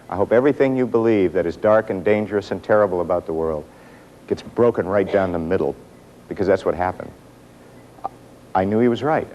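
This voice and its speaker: A man giving a motivational workshop talk to an audience in a room, telling stories with self-mocking humor and dramatic pauses. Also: sits low, darkish tone, dull audio, slight background noise. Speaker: motivational speaker.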